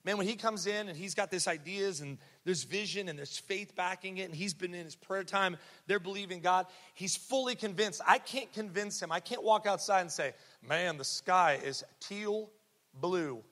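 A man's voice: high-pitched, normal speed, few pauses, a bit bright. A male pastor preaching an emphatic, joking sermon to a church congregation. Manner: emphatic, repetitive, jokey. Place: church sanctuary. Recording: reverberant church hall.

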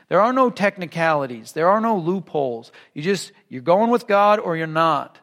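A man with a high, ringing speaking voice preaches to his congregation. He is earnest and emphatic. He reads a passage, then breaks it down plainly. A long reverb hangs in the church around him. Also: lively intonation, moderate pace, hardly any pauses, a bit bright. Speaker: pastor. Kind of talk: sermon. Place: church sanctuary.

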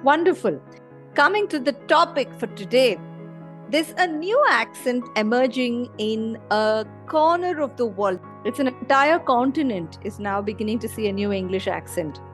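Podcast host, woman with a fairly high voice, chatty and eager, soft music underneath. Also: animated, moderate pace. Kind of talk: casual chat.

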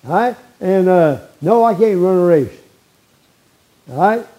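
A man's voice: high-pitched, lively intonation, a little slow, dark tone, rough recording. A man in his eighties preaching a sermon in a folksy way, often checking in with "all right?" and chuckling between lines. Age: 80s. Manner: folksy, frequent tag questions like "all right?".

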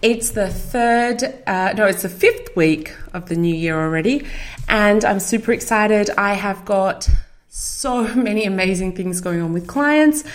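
A middle-aged woman hosting her own podcast, talking casually and enthusiastically as a marketing coach. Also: mid-range voice. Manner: upbeat, chatty, enthusiastic. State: out of breath. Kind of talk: casual solo podcast talk.

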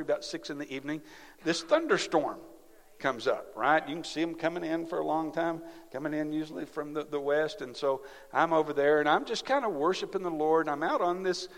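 Animated preacher in a reverberant hall. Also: male voice, on the high side. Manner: storytelling, animated, with laughs and asides to the congregation. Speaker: pastor. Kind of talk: sermon.

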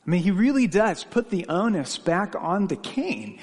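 A man's voice: sits high, very animated, normal speed, few pauses, darkish tone, big-room sound. A man preaching a sermon, asking the congregation questions and telling stories from his own life. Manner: questioning, earnest, personal anecdotes. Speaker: pastor.

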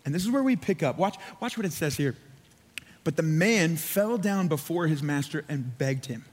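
A man's voice: fairly high pitch, expressive, normal speed, darkish tone. A man preaching a sermon as pastor, casual and conversational, with lots of "like" and acted-out voices for the people in the story. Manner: conversational, filler-heavy preaching with acted-out quotes. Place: church sanctuary. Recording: church hall reverb.

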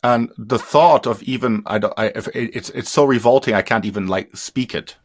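An adult man raised in India speaks as an interview guest, sharing personal testimony in a medium-pitched voice. He talks haltingly, full of fillers and restarts, and his sentences trail off quietly.

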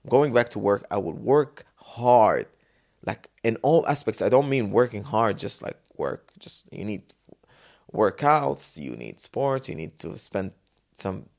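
A man from Dubai hosting a solo podcast, talking off the cuff in a casual, animated way and acting out the voices in his stories. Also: on the low side, a little slow, creaky. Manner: casual, animated storytelling, acts out quotes. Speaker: podcast host. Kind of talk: unscripted solo podcast talk.

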